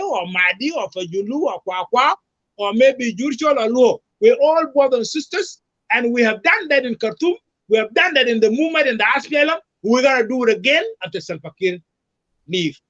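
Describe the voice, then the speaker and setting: High-voiced man rallying. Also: expressive, moderate pace, fairly bright tone, highs cut off. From South Sudan. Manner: emphatic, repetitive rallying speech. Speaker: presidential candidate, guest. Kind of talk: remote talk-show interview.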